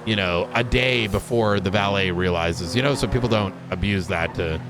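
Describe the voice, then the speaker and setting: A man's voice: deep voice, moderate pace, over music. A man in casual roleplay chat on a game stream, rambling with lots of fillers. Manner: rambling, loose talk full of fillers. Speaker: roleplay player as police officer. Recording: game car noise under voice.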